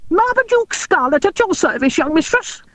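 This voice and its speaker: A woman voicing a crisp, squeaky old dwarf cook who speaks abruptly and grandly. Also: big pitch swings, a bit bright, no room sound, exaggerated voice. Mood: brusque. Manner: brisk, pompous wording.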